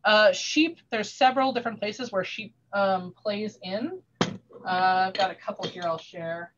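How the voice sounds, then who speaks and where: A woman telling a long animated story in a casual chat, rambling with many restarts, heard over a video call. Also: medium pitch, unhurried, muffled recording, noisy background. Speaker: craftsperson sharing her work on a video call.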